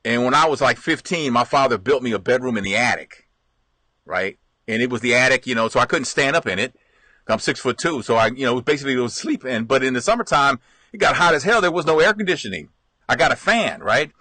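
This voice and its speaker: A man's voice: medium pitch, brisk, no echo. A middle-aged man hosting a stream, reminiscing in a rambling, casual way with frequent laughs and restarts. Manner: rambling, lively, laughs often, restarts a lot. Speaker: live stream host.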